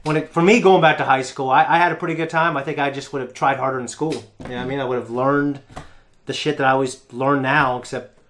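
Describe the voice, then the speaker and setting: A young man hosting a reaction show, telling a long story in a casual, animated way with frequent laughs. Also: medium pitch, fast, slight background noise. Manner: animated, laughs often, acts out other voices.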